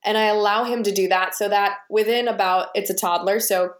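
A woman's voice: medium pitch, fairly even intonation, brisk. A woman speaking as a podcast guest, earnest and reflective, talking in long flowing runs. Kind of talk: conversational interview. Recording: roomy, echoey sound.

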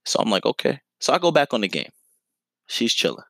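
A man's voice: medium pitch, fairly quick, vocal fry, no echo. Slangy young man telling a story. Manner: animated, profane, slangy, lots of filler phrases. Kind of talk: casual storytelling monologue.

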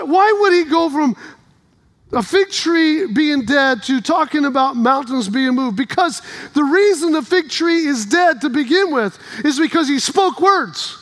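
Male preacher, very high pitch; animated sermon storytelling with shouted peaks. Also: a little slow.

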